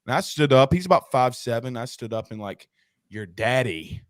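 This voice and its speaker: A man, hosting a sports talk show, telling stories in an animated, joking way. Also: mid-range voice, brisk, no room sound, studio quality.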